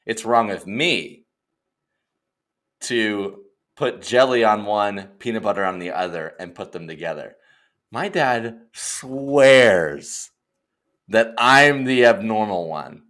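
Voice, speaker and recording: A young man co-hosting a casual podcast, excitable and quick to mock outrage, slipping into silly voices. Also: lowish voice. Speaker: podcast co-host. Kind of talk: casual chat.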